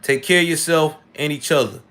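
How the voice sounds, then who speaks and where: A man in his late thirties hosting a live commentary show, speaking in a somewhat high voice. He rants in casual, slangy talk straight to his viewers, often rising into indignant outbursts. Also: fairly quick, a bit bright, clear, resonant tone. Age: late 30s.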